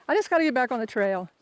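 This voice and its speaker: An older man from Florida, chatting casually and poking fun at himself while he walks a foggy mountain trail, talking into a handheld phone camera. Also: very high-pitched. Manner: chatty, self-mocking, rambling. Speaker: hiker vlogger. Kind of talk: casual vlog while hiking.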